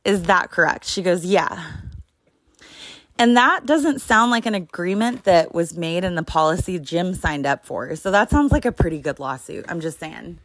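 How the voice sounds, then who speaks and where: A woman's voice: on the low side, expressive, moderate pace, fairly bright tone. A young woman telling a frustrating story at home in a casual, profane, exasperated way while she hunts for her clothes. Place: at home, moving around looking for things.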